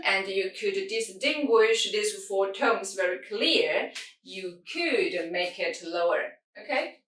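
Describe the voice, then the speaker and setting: Patient woman teaching tones, slow pace, echoey room off-mic. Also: on the high side, sharp tone, recorded from a distance. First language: Mandarin Chinese. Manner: patient, simple non-native English, sings out tone demonstrations. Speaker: Mandarin teacher. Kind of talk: language lesson.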